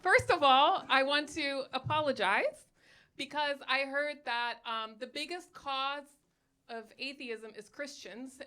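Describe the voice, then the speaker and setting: German woman doing stand-up, bright punchy voice, kinda high, lots of ums and likes, sardonic. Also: unhurried. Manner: sardonic, chatty, many ums and likes, laughs at own jokes. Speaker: stand-up comedian. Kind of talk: stand-up comedy set. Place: comedy stage before a live audience.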